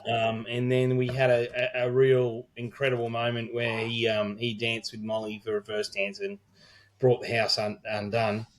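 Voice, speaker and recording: A man's voice: medium pitch, completely flat delivery, normal speed. A middle-aged Australian man, a wedding celebrant, co-hosting a podcast and telling a rambling story full of quoted dialogue and swearing. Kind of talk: casual storytelling chat.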